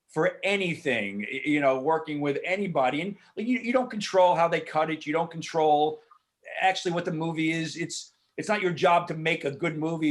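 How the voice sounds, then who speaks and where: A man, an actor, answering questions in a casual Q&A over a video call, frank and animated, swearing freely and filling talk with asides. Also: fairly high pitch. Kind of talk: casual Q&A storytelling.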